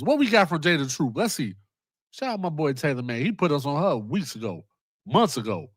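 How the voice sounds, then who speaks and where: A man hosting a casual commentary vlog, excitable and profane, often repeating himself. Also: fairly high pitch, brisk, no echo, clean studio sound. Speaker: host.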